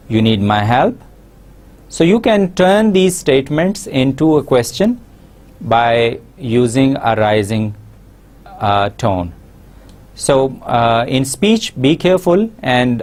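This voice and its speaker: A man giving a recorded university lesson, explaining slowly with many pauses and fillers. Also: mid-range voice, darkish tone. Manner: slow, explanatory, frequent uh fillers. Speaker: English lecturer.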